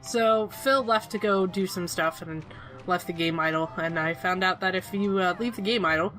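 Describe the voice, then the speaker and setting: A woman's voice: lowish voice, fairly bright tone, soft background music. Teasing young woman commentating a game. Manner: chatty, teasing, halting with fillers. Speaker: co-host of a game let's-play. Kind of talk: casual gaming commentary.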